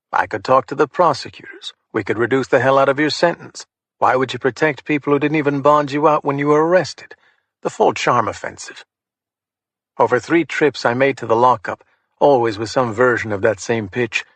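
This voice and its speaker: Steady male crime-thriller narrator. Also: medium pitch, no echo. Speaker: audiobook narrator.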